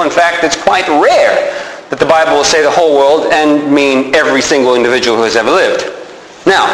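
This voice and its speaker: A man's voice: a little high, fairly bright tone. Man preaching in an echoey hall. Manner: asks rhetorical questions, then answers them. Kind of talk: sermon teaching. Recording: echoey hall with faint background noise.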